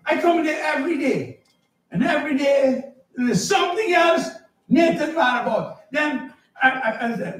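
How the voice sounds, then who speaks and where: Pastor guy preaching, real high voice, swings up and down, echoey church from far off. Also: unhurried. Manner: animated, shouting at times, storytelling with acted dialogue. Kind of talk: sermon. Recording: echoey church hall, mic at a distance. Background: congregation answering.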